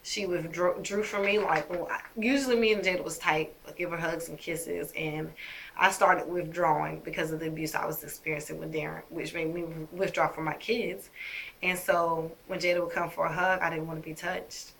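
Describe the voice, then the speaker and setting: A woman's voice: low voice, fairly even intonation, moderate pace, creaky, fairly bright tone. A woman telling her own story to her viewers, emphatic and indignant as she picks apart messages. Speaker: vlogger. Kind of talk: personal storytelling to camera.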